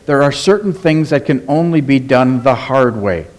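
A man preaching a sermon as pastor, emphatic, asking rhetorical questions and slowing down on key words. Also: medium pitch, animated, darkish tone.

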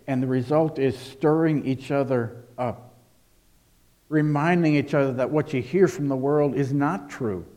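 A man preaching a sermon as pastor, earnest, with quiet asides and forceful stresses. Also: mid-range voice. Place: church service.

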